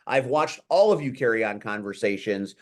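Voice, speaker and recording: A man's voice: on the low side, expressive. A man hosting a casual podcast, talking enthusiastically and rambling a little. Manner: enthusiastic, rambling, quick to laugh. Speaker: podcast host. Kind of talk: casual chat.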